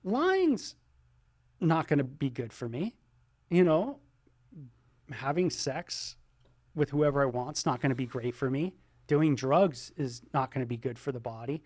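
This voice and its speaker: Animated male pastor, dry close sound. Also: a little high, no room sound. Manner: animated, exclaims and voices imagined listener reactions; many ums and you-knows. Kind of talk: sermon teaching.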